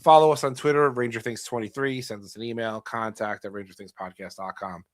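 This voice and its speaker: Middle-aged male host, casual wry storyteller, mid pitch, dry close sound. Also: steady tone, fairly quick, no room sound. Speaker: podcast host.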